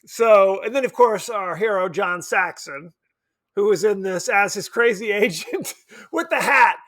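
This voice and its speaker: Lively high-voiced man co-hosting a podcast. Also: measured pace. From Palm Springs, California. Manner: animated, laughs often, acts out quotes. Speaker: podcast co-host. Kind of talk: casual film chat.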